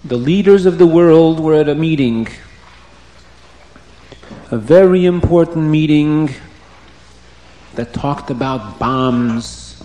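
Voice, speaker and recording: A man telling a religious story to children, animated and emphatic, slowing down on key words. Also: medium pitch. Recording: roomy echo.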